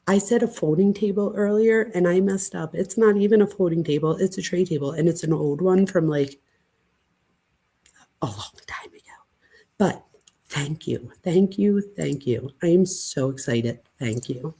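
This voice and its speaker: A woman hosting a casual late-night livestream chat, gushing and excitable, dramatic by her own account, and often breathless. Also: on the low side, normal speed, breathy edge. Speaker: channel host.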